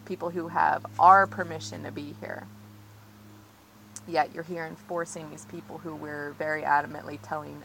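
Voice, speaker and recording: Agitated woman with a gravelly low voice. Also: level tone, normal speed, a bit bright, a little hiss or hum, rough recording. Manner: earnest, agitated, frequent "like" and "you know". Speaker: interviewee, tree-sit protester. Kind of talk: recounting events in a field interview. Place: outdoors on her property near trees.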